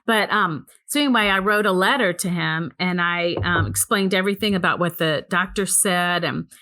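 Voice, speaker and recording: A woman with a bright, clear voice tells a long personal story in easygoing conversation. She rambles, often saying "um" and "so anyway." She acts out the people she talks about with lively energy. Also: lowish voice, moderate pace. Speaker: guest, ministry co-founder.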